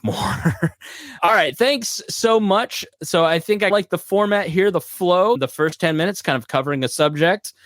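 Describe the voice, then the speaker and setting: A man's voice: on the high side, no room sound. Middle-aged guy hosting a live podcast q&a, laid back and chatty, dry sound. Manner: relaxed, conversational with fillers like "like". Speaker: podcast host. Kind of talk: casual live Q&A talk.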